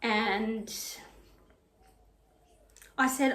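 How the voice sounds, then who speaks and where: Woman, slightly high voice, chatty digressive storyteller, echoey room. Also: sing-song, takes it slowly, pauses often, sharp tone. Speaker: knitting and sewing vlogger. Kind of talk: casual chat. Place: home, ironing while talking.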